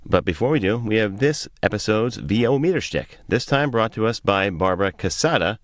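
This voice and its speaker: A man's voice: fairly low pitch, animated, fairly quick, hardly any pauses. A man co-hosting a podcast, chatting casually and animatedly into a studio microphone. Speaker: podcast co-host. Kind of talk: casual chat.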